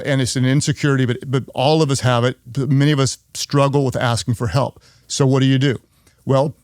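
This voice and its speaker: A man's voice: a little mellow, no echo, studio quality. A middle-aged man hosting a leadership podcast. He teaches earnestly and repeats key phrases for emphasis. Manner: acts out quoted people in higher voices. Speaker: podcast host.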